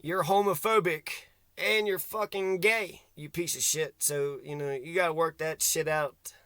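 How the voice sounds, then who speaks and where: A man from Kentucky vents in an agitated, profanity-laced rant, jumping from thought to thought. His voice sits high and sounds sharp and tense. The sound is dry and close, with little room around it. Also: fairly even intonation, normal speed, smooth, no room sound. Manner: agitated, swearing constantly, rambling. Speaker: vlogger. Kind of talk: angry profane rant to camera.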